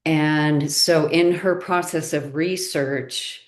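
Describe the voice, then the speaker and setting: Woman, low voice, slow, polite question, echoey room. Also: steady tone. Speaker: audience member asking a question.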